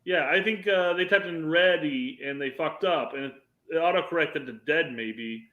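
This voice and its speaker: A man's voice: on the high side, normal speed, sharp tone, reverberant, muffled recording. A man co-hosting a podcast in casual chat, joking and profane, often restarting his sentences. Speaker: podcast co-host.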